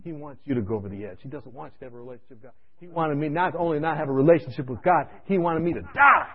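A man's voice: fairly high pitch, wildly swooping pitch, rapid-fire, vocal fry, breathy edge. Man preaching his testimony dramatically. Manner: dramatic storytelling, swinging between loud and hushed. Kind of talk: sermon testimony. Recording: dull lo-fi radio recording.

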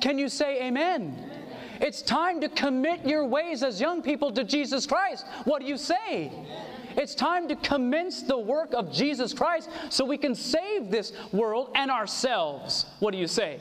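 A man preaches earnestly, quoting scripture and calling for amens, in a very high, fairly bright voice with big pitch swings. He speaks a little slowly. A long reverb trails each phrase, as if in a large hall.

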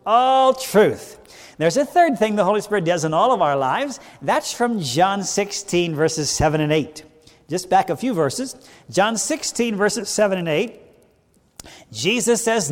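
Male pastor, fairly high voice, preacherly sermon delivery with wide loudness swings, church hall with long reverb. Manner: preacherly, asks the audience questions and answers them, wide swings in loudness. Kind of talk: sermon Bible study.

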